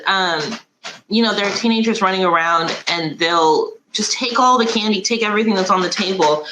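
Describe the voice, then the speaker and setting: A woman's voice: fairly low pitch, roomy sound, background noise. A middle-aged woman hosting a podcast, telling stories casually with lots of fillers. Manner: chatty, storytelling with many fillers. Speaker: podcast host. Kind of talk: casual chat.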